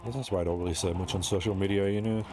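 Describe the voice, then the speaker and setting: Young British streamer, low voice, rambling and self-mocking chat, a bit sweary. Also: male voice, steady tone, rapid-fire, background noise. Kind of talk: casual streaming chat while playing.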